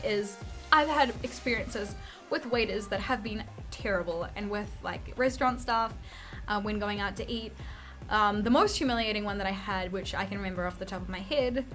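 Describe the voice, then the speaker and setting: A young woman, vlogging in a chatty storytelling way and acting out quoted lines. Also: medium pitch. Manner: chatty storytelling, acts out quotes with bright swings. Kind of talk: casual chat to camera.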